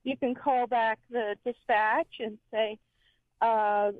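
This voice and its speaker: A woman caller from Florida comes through a thin, tinny phone line, her voice sitting a bit high. She is a little out of breath. She speaks earnestly, pausing with fillers. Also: fairly even intonation, dry recording. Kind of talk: call-in radio chat.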